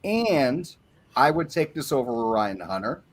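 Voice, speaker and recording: A man's voice: medium pitch, big pitch swings, unhurried. A man on a panel, going through an album track by track and giving his opinions in a casual way.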